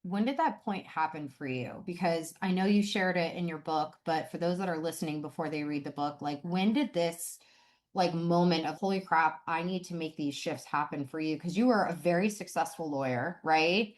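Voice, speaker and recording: A woman's voice: low-pitched, normal speed. A woman hosting a podcast, asking questions in a relatable, conversational way. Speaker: podcast host. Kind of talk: podcast interview.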